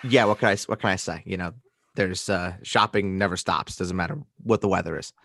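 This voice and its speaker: Low-voiced man telling stories on a podcast. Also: brisk, creaky, no echo. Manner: animated storyteller, swears freely. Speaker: podcast host. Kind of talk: casual podcast chat.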